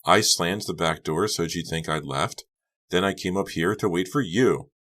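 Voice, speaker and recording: A man's voice: low voice, moderate pace, fairly bright tone. A man voicing a clingy, unsettling teenage girl in a storybook reading, sugary and insistent. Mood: pleading.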